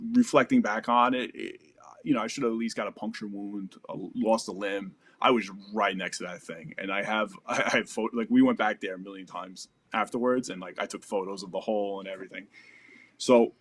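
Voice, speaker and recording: A man in his thirties with a lowish voice tells a story as a podcast guest. His talk is loose and casual, studded with "like," "you know" and some swearing.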